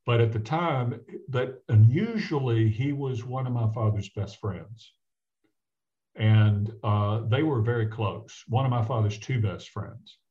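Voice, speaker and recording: An older man from the American South recalls his past with earnest, halting delivery, often circling back and restarting mid-sentence. His voice sits at a middle pitch. The recording sounds dull and lo-fi. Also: mellow. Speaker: guest, physician. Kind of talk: reflective personal storytelling in conversation. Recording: dull lo-fi audio.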